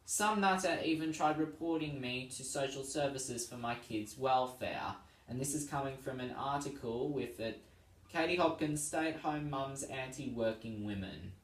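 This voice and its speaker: A man's voice: mid-range voice, normal speed. A tired man hosting a vlog, reading tweets aloud in casual chat and laughing often between them. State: tired and yawning. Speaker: vlog host. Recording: roomy sound, distant from the mic.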